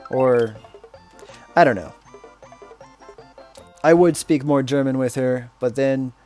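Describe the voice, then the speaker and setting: A man in the middle range of pitch, chatting casually while he plays, drifting from story to story at an unhurried pace. Faint game music sits quietly under his voice. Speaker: streamer and English teacher. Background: faint video game music.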